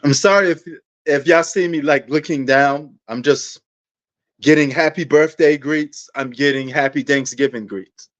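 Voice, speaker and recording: Casual dude rambling on his sports stream, slightly high voice, muffled lo-fi sound. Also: a little slow. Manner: rambling, laid-back, talks straight to viewers. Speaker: sports livestream host. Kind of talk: casual livestream chat.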